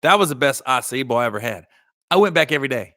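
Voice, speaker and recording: A man's voice: medium pitch, expressive, fast, sharp tone, dry recording, clean studio sound. A man hosting a comedy podcast in casual storytelling style, rambling and correcting himself, with a slight Ohio Valley twang.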